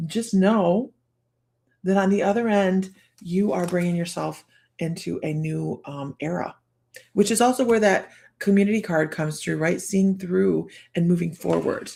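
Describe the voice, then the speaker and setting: A middle-aged woman with a hoarse voice, hosting a casual live-streamed psychic reading in a chatty, rambling way full of fillers and restarts. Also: fairly low pitch, a little slow, warm tone. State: hoarse from a cold.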